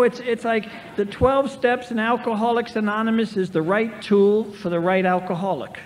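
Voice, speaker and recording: A man in his sixties telling stories with wry, self-mocking humor as a speaker at a recovery meeting, recorded in a large convention hall. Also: high voice. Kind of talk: storytelling speaker talk. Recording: reverberant 1990s hall tape with faint hiss.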